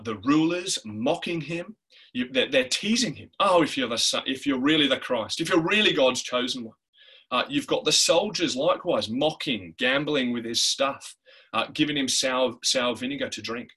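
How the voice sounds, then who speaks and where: A man's voice: mid-range voice, pushed and bright, breathy edge, poor audio. A man preaching a sermon in an earnest way, often checking in with the listeners by asking "right?".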